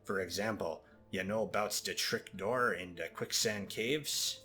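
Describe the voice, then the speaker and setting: A man's voice: on the low side, unhurried, pushed and bright, soft background music. A man doing a greedy goblin haggler, Caribbean-ish lilt. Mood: wheedling. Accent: loose put-on Caribbean-ish lilt. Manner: broken slangy grammar, haggling. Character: greedy scheming male goblin desert scout.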